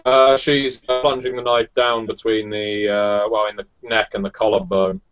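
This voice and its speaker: A man narrating as game master in a tabletop role-playing game, measured and hesitant with fillers. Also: on the low side, little pitch movement, fairly bright tone, clean tone, lo-fi sound.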